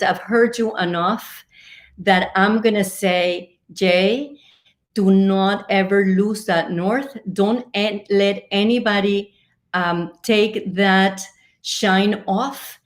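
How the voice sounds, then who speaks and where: A woman who is a business coach, speaking as an interview guest, earnest and encouraging, hesitating with frequent fillers. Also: mid-range voice. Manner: warm, earnest, hesitant with fillers, laughs often.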